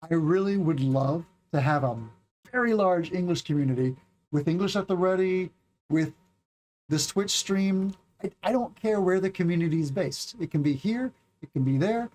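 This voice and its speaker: A man's voice: high voice, lively intonation, normal speed, darkish tone, a little hiss or hum. A man in his forties, an English teacher giving a casual livestream lesson, chatty and rambling, stretching out words to show stress and intonation. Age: 40s.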